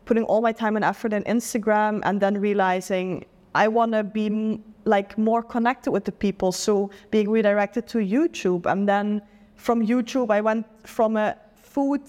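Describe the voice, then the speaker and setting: A woman's voice: mid-range voice, fairly even intonation, moderate pace, a little mellow, big-room sound. A young adult woman from the Netherlands with a Dutch accent, a guest in a casual interview chat who talks earnestly and reflectively, often saying "like".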